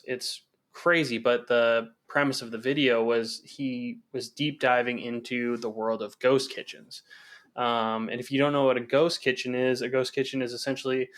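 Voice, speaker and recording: A man's voice: mid-range voice, fairly bright tone. Laid-back swearing podcast guy. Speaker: podcast co-host. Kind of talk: casual chat.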